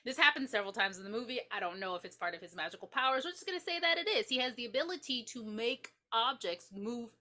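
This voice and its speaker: A woman's voice: on the high side, expressive, fast, hardly any pauses, bright, forceful tone. A woman co-hosting a podcast who reacts to a movie with incredulous, sarcastic remarks and casual swearing. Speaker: podcast co-host. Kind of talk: casual movie-review chat.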